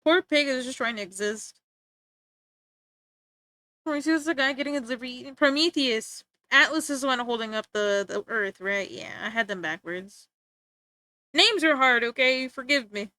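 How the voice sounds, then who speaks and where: A woman's voice: high voice, normal speed, pushed and bright, clean tone, no echo. A young woman streaming live, rambling and joking in casual chat with frequent laughter.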